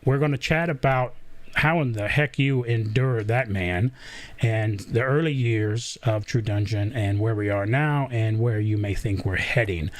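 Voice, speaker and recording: A man's voice: fairly low pitch, measured pace. A middle-aged man hosting a casual live interview, joking and chatty with many fillers and restarts. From Southern US. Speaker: host.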